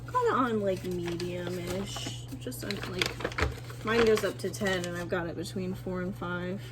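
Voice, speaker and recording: A woman casually chatting through a home cooking vlog in her kitchen, relaxed and joking, with plenty of ums. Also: on the low side, measured pace, very noisy. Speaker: cooking vlogger.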